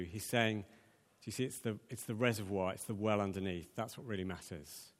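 A man's voice: on the low side, normal speed. A man preaching a conversational sermon, with plenty of ums and repeated words. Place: church. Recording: long church hall reverb.

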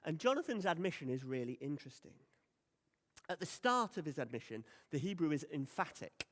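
A man's voice: on the high side, lively intonation, a little fast, a bit bright. Guy preaching, chatty and emphatic, echoey hall. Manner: conversational, emphatic, acts out quoted lines. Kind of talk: sermon. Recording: long hall reverb.

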